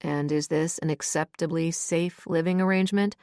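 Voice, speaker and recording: A woman voicing a calm, reasonable male executive with a measured, wry way of talking. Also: sits low, clean tone, no echo, studio quality. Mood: reasoning.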